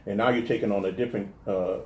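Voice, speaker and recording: A man from the telling stories in a casual interview, animated and restarting his sentences often. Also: fairly low pitch, fast talker, reverberant. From American South. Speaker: guest talking about his life.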